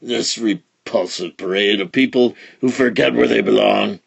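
A man's voice: fairly low pitch, normal speed, creaky, husky, full character voice. A man reading aloud and voicing a snobbish, indignant mayor in a storybook. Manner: pompous, indignant.

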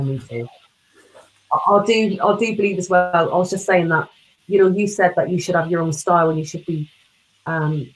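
A woman with a somewhat low voice hosts a casual live interview over a video call. She reads out viewer questions and rambles in a relaxed way. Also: low-quality recording. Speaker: host.

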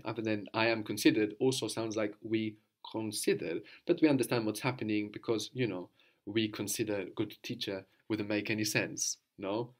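A man teaching a spoken language lesson, patiently explaining and quizzing his student, then repeating the answers. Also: fairly low pitch.

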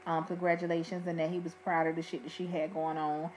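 A woman's voice: low voice, flat delivery, quick pace, a little mellow, slight background noise, rough recording. A woman giving a casual, blunt and profane review of a reality TV episode from her home recording space. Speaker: reality TV recap vlogger.

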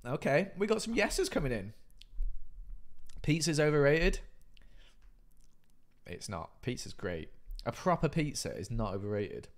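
A man's voice: on the high side, very animated, measured pace, pauses often. A man in his thirties, chatting casually with his live stream audience and reading out chat messages in a playful way. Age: 30s. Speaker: livestreamer.

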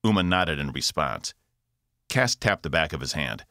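A man, the author, narrating his own science fiction audiobook with expressive delivery. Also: extremely low pitch, moderate pace, dry recording, studio quality. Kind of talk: scripted narration.

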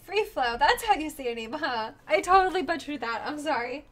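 A woman's voice: high voice, lively intonation, fairly quick, fairly bright tone. A woman streamer, tearful and crying, gushing and apologetic as she thanks viewers during a live stream.

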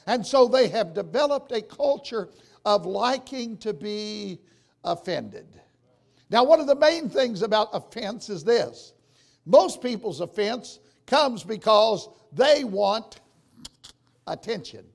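An older male pastor delivers a storytelling sermon in a fairly high, gravelly voice. His pitch swings widely, and he moves from soft asides to ringing shouts. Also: big pitch swings, slow.

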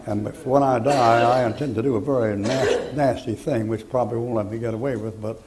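An older man preaching a sermon, telling folksy stories and breaking into loud, emphatic bursts. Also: mid-range voice, steady tone, a little fast, a crowd in the background, rough recording. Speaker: pastor.

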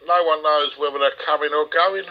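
A fairly high-voiced man speaks up indignantly and protectively, his voice carried over muffled, lo-fi audio. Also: fairly even intonation, a little fast. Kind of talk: push-to-talk voice chat. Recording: dull lo-fi voice app audio.

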